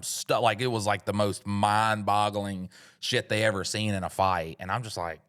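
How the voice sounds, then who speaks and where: A man's voice: lowish voice, fairly quick, few pauses, clear, resonant tone. A man co-hosting a podcast, telling a rambling comic story full of swearing. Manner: profane, rambling, animated. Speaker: podcast co-host. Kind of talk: comedic storytelling.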